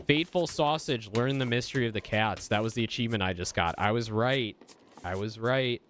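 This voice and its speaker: A man's voice: medium pitch, a little fast, a bit bright, a little hiss or hum. A young man streaming a game, making playful asides between dialogue and laughing often. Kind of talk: casual game commentary.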